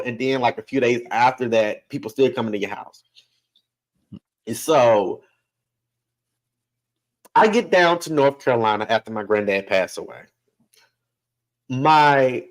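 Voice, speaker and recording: A man, a podcast guest, telling a family story in a casual, animated way, laughing often and acting out other people's voices. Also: medium pitch, low-quality recording.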